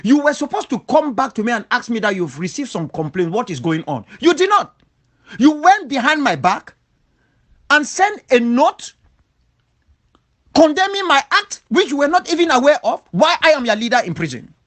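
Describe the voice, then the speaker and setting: A man's voice: very high voice, sing-song, moderate pace. Guy firing back in a heated rebuttal, voice swings way up and down, keeps hammering the same questions. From Cameroon, southwest region. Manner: emphatic, repeats rhetorical questions. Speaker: independence movement leader. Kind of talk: impassioned spoken rebuttal.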